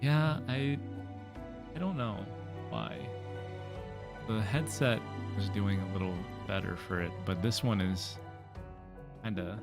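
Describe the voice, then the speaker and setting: Low-voiced man casually explaining a game. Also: slow pace, vocal fry, long pauses, over music. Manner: relaxed, explaining game controls. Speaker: gaming channel host. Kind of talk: casual let's-play commentary.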